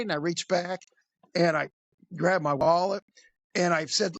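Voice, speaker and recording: A man, a police officer, telling a crude story in an animated, conversational way. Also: high-pitched, moderate pace, no echo. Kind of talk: casual storytelling.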